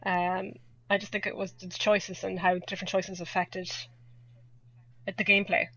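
A woman's voice: medium pitch, level tone, normal speed, gravelly, a bit bright, no room sound. Irish woman, young adult, chatty guest who laughs a lot; muffled lo-fi audio. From Ireland. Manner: chatty, laughs often, self-deprecating. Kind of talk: casual chat. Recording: dull lo-fi dry audio.

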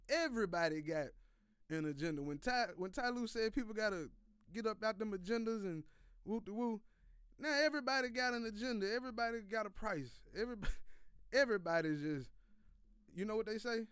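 High-voiced man ranting about sports. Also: a bit bright, smooth, dry recording, clean studio sound. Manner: loose, profane, slangy ranting with repeated phrases. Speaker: sports podcast host. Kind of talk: casual sports commentary monologue.

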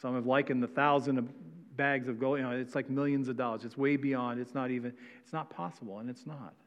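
A man's voice: medium pitch, fairly even intonation, a little fast. Male pastor preaching in a church sanctuary, scripture reading then explanation, long hall reverb, slightly dull lo-fi sound. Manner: reads scripture then explains with frequent "right?" tags. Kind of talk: sermon.

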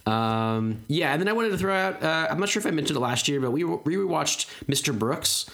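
A man's voice: on the high side, animated, a little fast, gravelly, a bit bright. A man in his thirties, co-hosting a podcast, chatting casually and rambling with lots of fillers. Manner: rambling, many fillers and restarts. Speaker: podcast co-host. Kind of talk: casual chat.

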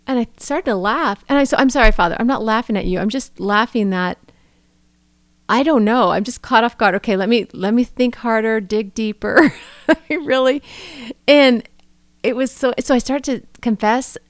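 A woman co-hosting a podcast, telling a story casually with frequent laughter and lively quoted dialogue. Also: a little high, moderate pace, no room sound, clean studio sound. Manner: laughing often, animated retelling with quoted dialogue. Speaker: podcast co-host.

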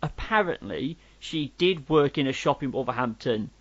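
A man's voice: medium pitch, moderate pace. A man with a Black Country accent, co-hosting a podcast and giving a rambling, wry film review. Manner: rambling, wry, many restarts. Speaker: podcast co-host. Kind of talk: casual film review chat. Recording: dull lo-fi recording.

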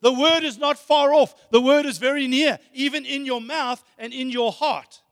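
A man's voice: very high-pitched, steady tone, normal speed, a bit bright. A man preaching a sermon, emphatic, repeating phrases and asking rhetorical questions. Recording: long hall reverb.

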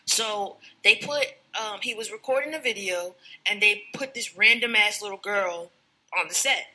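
A woman's voice: medium pitch, normal speed, sharp tone, poor audio. A woman co-hosting a casual chat, telling a story and acting out the quotes. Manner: chatty storyteller, acts out quotes, many fillers.

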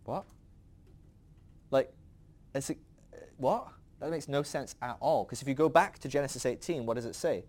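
A man's voice: medium pitch, moderate pace, pauses often, darkish tone. A man hosting a podcast who teaches from the Bible in a casual storytelling way, laughing often.

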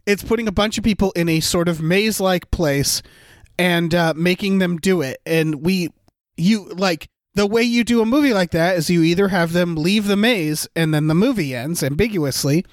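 A man's voice: high-pitched, normal speed, dry recording, studio quality. A man co-hosting a casual movie review chat, rambling and swearing as he gripes. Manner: profane, rambling, animated griping. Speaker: podcast co-host.

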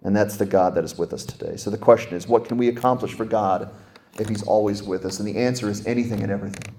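A pastor preaching in a lowish male voice that is dynamic rather than flat. He slows and goes soft over scripture, then climbs sharply in pitch and volume to hammer home a point. The delivery is earnest and sermon-styled throughout. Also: slight background noise.

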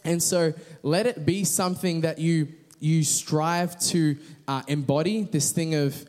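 A man's voice: fairly high pitch, unhurried, a little mellow. A man preaching a casual, conversational sermon with frequent restarts and fillers.

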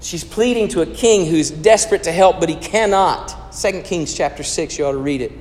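High-voiced man preaching in a reverberant hall. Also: fairly quick. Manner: animated, swings between loud emphasis and hushed storytelling. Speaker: pastor. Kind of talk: sermon.

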